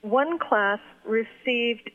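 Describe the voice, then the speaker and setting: Lady prof explaining stuff calmly, sounds like a tinny phone line. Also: on the high side, extremely slow. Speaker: professor of second-language education. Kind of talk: explanatory interview talk. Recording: phone-like narrow band.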